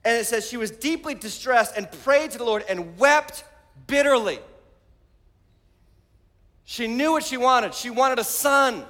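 A man preaching a sermon as pastor, animated and rising to shouts. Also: extremely high pitch, unhurried, long pauses. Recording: long hall reverb.

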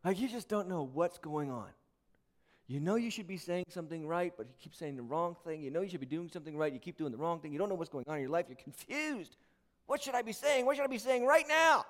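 A man's voice: a little high, fast talker. A man preaching a sermon as pastor, asking rhetorical questions and joking with the congregation in a church. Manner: animated, rhetorical questions, playful asides to the congregation. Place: church sanctuary.

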